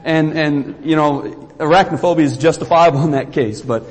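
Preacher guy from kentucky, earnest sermon, high pitched, echoey church hall. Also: normal speed. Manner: earnest, repeats words and phrases for emphasis. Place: church sanctuary.

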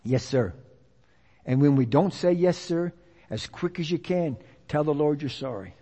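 A preacher with a notably high voice delivers an emphatic sermon. He hammers his points through repetition and call-and-response. The sound rings with the long reverb of a church hall. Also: moderate pace, dark tone.

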